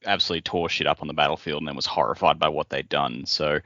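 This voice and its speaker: A man with a very deep voice and a bright, forceful tone chats on a podcast. He talks in a relaxed, joking way with loose phrasing. The audio is dry and slightly dull. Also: quick pace, dry recording. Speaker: podcast co-host. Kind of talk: casual chat.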